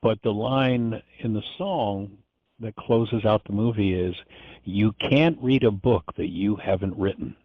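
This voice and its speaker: A low-voiced older man hosts a radio show and speaks about spiritual ideas in a reflective, storytelling way, often restarting his phrases. The recording is dry and close, with a dull, muffled lo-fi quality. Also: a little slow, no room sound. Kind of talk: spiritual teaching monologue.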